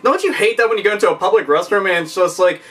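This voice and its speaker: A man's voice: high-pitched, very fast, a bit bright, distant mic. A man ranting in a profane, rambling comedic commentary, laughing often. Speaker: vlogger.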